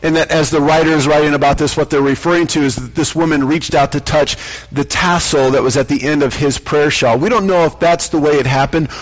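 A man preaching a sermon, telling a story and slowing down for dramatic emphasis. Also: a little high, fairly even intonation. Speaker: pastor. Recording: dull lo-fi sound.

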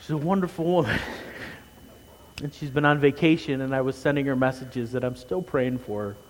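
A man preaching a sermon as pastor, earnest, rising loud and quick for emphasis, then dropping low and quiet. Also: slight background noise. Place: church sanctuary. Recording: long hall reverb.

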